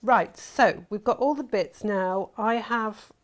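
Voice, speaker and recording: A woman with a medium-pitched voice speaks slowly as she hosts a crafting workshop. She chats casually and tells stories while she sews, laughing often.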